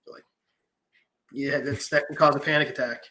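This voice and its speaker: A young man in casual podcast chat, telling animated stories, acting out quotes and swearing freely. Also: medium pitch, normal speed. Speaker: podcast host.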